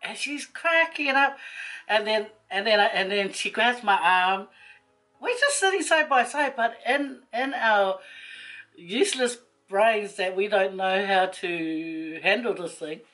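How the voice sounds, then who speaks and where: A woman, a vlogger telling a rambling personal story to camera, chatty and quick to laugh. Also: mid-range voice, expressive, a bit bright, faint music behind, low-quality recording.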